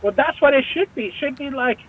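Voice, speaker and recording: Male co-host on a thin phone-like line, very high voice, rambling casual talk. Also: fast. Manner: rambling, many fillers and tag questions. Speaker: podcast co-host. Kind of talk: casual chat. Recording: phone-like call audio.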